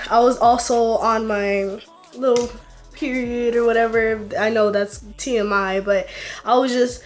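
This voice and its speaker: A woman telling a story to the camera in a rambling, casual way, full of fillers and restarts. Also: fairly high pitch. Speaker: vlogger. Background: faint music.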